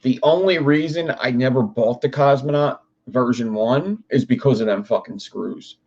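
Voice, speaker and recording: A young man rambles through a casual livestream, reacting to chat. He swears freely and wanders between topics. His voice sits at a middle pitch. The audio is dull and lo-fi. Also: normal speed, a little mellow. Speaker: livestream host.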